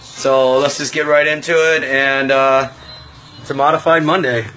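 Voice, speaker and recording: A man hosting a casual home cooking livestream from his kitchen, laid-back and chatty, walking through each step with lots of pauses and fillers. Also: mid-range voice, little pitch movement, sharp tone, slight background noise, rough recording.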